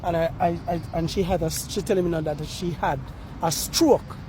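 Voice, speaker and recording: Jamaican man, high-pitched street reporter, pleading appeal outdoors on campus with faint traffic behind. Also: steady tone, normal speed. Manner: earnest, pleading, slips into patois. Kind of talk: on-the-spot appeal to viewers.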